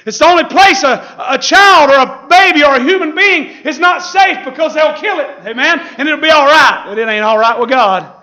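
A man preaching a fiery sermon, with shouted peaks and laughter. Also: extremely high pitch, moderate pace, few pauses.

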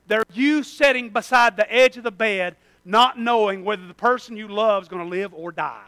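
A man preaching in a very high, bright voice. He is emphatic and repeats his phrases, swinging between loud bursts and near-hushed asides. The recording sounds close and dry. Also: a little fast, hardly any pauses, clean tone, no echo. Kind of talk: sermon.

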